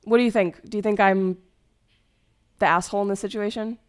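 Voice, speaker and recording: Rambling young woman streamer, smooth voice. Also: mid-range voice, steady tone, a little fast. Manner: rambling, hurt storytelling with many fillers and restarts. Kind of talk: casual stream chat.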